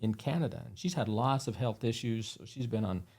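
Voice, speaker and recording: A man's voice: fairly low pitch, lively intonation, fairly quick, darkish tone, slightly rough. A man guesting on an interview, telling earnest anecdotes with many fillers. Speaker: guest, company founder. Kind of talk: casual interview storytelling.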